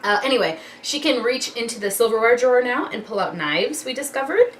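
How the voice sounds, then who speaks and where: A woman's voice: on the high side, animated, brisk. A young woman, a mom vlogger, chatting casually and rambling from one thought to the next. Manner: chatty and rambling, loses her train of thought. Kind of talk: casual chat. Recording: slightly distant mic with faint background noise.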